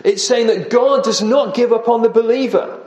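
A man's voice: very high voice, normal speed, a little mellow, echoey room, poor audio. A man preaching an earnest expository sermon, often dropping his voice for emphasis.

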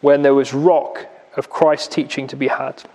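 A man's voice: mid-range voice, level tone, unhurried, warm tone, in a large hall. A man preaching a sermon in a church, explaining a passage with rhetorical questions and vivid retelling.

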